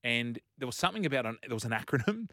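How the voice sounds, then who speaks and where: Australian male radio co-host, animated storyteller, close dry studio mic. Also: medium pitch, rapid-fire, no room sound. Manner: animated storyteller, laughs often. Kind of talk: casual radio banter.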